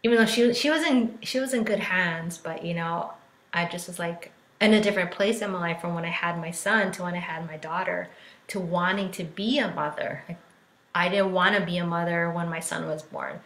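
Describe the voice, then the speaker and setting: A woman's voice: on the low side, moderate pace, a bit bright. A woman in her thirties, a life coach, talking candidly on a live stream, chatty and full of fillers, acting out what others said. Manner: candid, chatty, many fillers, acts out quotes. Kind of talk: casual live-stream talk. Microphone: phone or laptop for a live stream. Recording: roomy echo.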